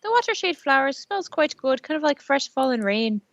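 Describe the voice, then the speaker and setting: A woman's voice: high voice, sing-song, moderate pace, no room sound, voice pushed up. A woman voicing a friendly, chatty male orc flower seller in a tabletop game, with an Irish and New Zealand accent that comes and goes. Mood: cheerful. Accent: wavering Irish and New Zealand mix. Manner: cheery, sing-song salesman patter.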